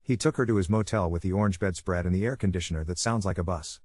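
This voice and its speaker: A man narrating a first-person story in a steady, measured way, his voice sitting a little low. The sound is close and dry, with no room around it. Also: dry recording.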